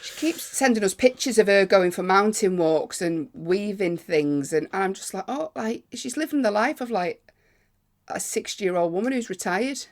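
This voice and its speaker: A woman's voice: medium pitch, animated, moderate pace. A woman, co-hosting a podcast in casual chat, teasing and laughing easily. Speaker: podcast co-host.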